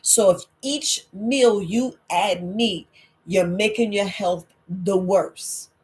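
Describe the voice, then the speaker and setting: A woman's voice: mid-range voice, slow. Woman, herbalist host, emphatic, preachy, repetitive, late-night Q&A talk. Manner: emphatic, preachy, repeats points.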